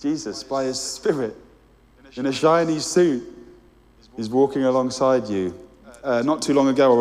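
A man's voice: medium pitch, a little mellow. A man preaching a sermon, earnest and direct, speaking straight to his listeners. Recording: long hall reverb.

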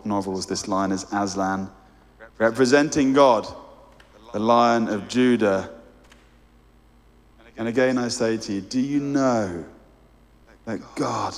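A man preaching a sermon, earnest and direct, speaking straight to his listeners. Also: fairly low pitch. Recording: long hall reverb.

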